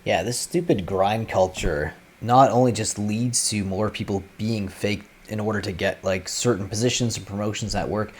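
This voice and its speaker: A man hosting a reaction video, talking in a relaxed, offhand, conversational way. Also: lowish voice, moderate pace, few pauses, slightly rough. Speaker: host reacting to clips. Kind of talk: casual commentary.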